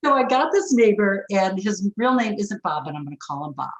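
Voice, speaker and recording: A woman's voice: medium pitch, very animated, fairly quick. Frank woman telling stories, roomy echo. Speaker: forgiveness expert guest. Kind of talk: storytelling in a podcast interview.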